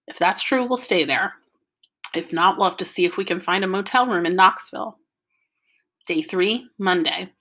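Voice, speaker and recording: A woman reading an audiobook, voicing a mother who calmly reads out a carefully organized plan for a family road trip. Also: fairly low pitch, moderate pace. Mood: planning. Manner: orderly, matter-of-fact, explaining.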